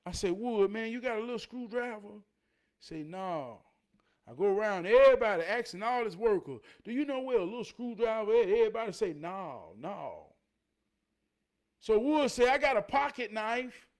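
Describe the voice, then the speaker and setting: High-voiced man telling a story. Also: normal speed. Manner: animated storyteller, swinging between loud bursts and low asides. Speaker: motivational vlogger. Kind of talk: storytelling life-lesson monologue.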